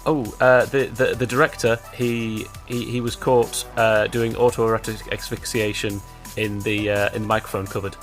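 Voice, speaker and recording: A man co-hosting a comedy podcast, laid-back and halting, often chuckling as he talks. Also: fairly low pitch, little pitch movement, soft background music. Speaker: podcast co-host. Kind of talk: casual comedy podcast banter.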